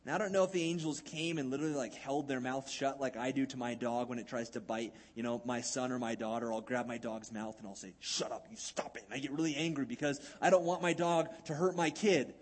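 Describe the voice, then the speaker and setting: A man's voice: medium pitch, fast, few pauses. A male pastor preaching a sermon in a conversational, folksy way, acting out Bible scenes.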